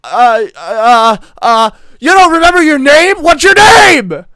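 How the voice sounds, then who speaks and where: A man voicing a frightened young boy who stammers in a high, strained voice. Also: moderate pace, fairly bright tone, no room sound, natural voice. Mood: panicked.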